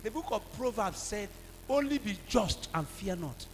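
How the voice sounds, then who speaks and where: High-voiced Nigerian pastor preaching in a hall. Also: male voice, very animated, moderate pace. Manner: call-and-response preaching, swings from low talk to shouts. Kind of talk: sermon. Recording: reverberant hall with faint hum.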